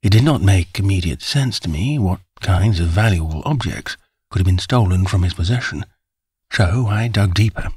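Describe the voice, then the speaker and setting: Male audiobook reader, low husky tone, dry close studio sound. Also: animated, darkish tone, no echo. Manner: measured storytelling. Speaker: audiobook narrator. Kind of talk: scripted narration.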